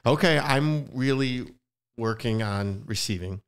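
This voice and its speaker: A man's voice: mid-range voice, measured pace, clean tone. A man hosting a podcast, chatting casually with his guest in an emotional, openly sincere and emphatic way. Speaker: podcast host. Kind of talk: casual interview chat.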